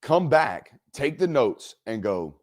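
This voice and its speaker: A man's voice: mid-range voice, big pitch swings, takes it slowly. A man hosting a solo college football talk show, giving emphatic, repetitive commentary and swearing freely.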